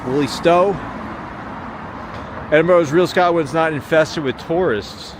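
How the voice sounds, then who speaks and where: Walking city streets outdoors at night, a man hosts a casual livestream, rambling and chatting with viewers in a slightly high, unhurried voice full of long pauses. He films on a small handheld gimbal camera, which picks up street ambience and noise from passing traffic.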